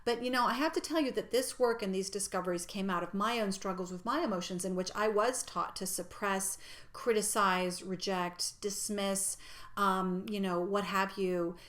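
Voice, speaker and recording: A woman giving a reflective personal growth talk in a gentle, reassuring way, sometimes dropping to a soft near-whisper. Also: medium pitch, normal speed.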